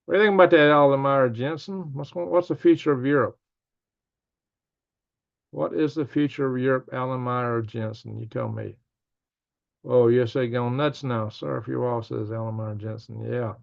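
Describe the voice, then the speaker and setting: Gravelly man hosting a casual livestream. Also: medium pitch, normal speed, muffled recording. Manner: reads viewer comments aloud and answers them; rambling, thinking aloud. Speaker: livestream news host.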